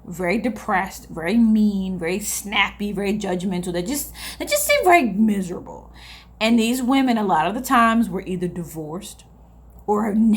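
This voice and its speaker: A young woman, chatting candidly to her vlog audience, rambling and repeating herself, with sighs along the way. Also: mid-range voice. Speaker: vlogger. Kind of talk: casual confessional chat to camera.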